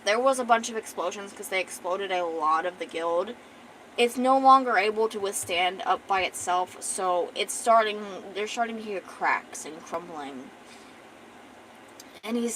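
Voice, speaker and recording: A woman's voice: medium pitch, a bit bright, slight background noise, poor audio. A young woman streamer casually retelling her comic's story, rambling with profane joking asides. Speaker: artist and streamer.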